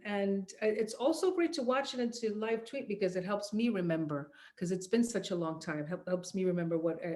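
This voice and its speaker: A middle-aged woman answering interview questions about her acting work, talking casually with many fillers and restarts, and laughing easily. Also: mid-range voice. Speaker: actress being interviewed.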